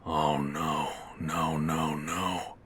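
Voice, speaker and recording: A man's voice: rumbling low, little pitch movement, drawn-out words, a bit bright, breathy edge, pitched below the performer's own voice, full character voice. A man voicing a panicked young man who mutters in a dazed way.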